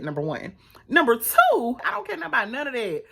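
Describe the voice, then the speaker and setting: A woman reviewing a TV episode in a casual, animated, sassy way, talking straight to her viewers. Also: sits high, brisk, vocal fry, breathy edge. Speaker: YouTube reviewer.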